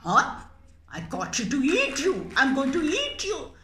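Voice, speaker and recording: A woman voicing a hungry, impatient male cat who scolds loudly and gruffly in a puppet story. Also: sits high, wildly swooping pitch, measured pace, reverberant, pitched above the performer's own voice, full character voice. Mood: scornful.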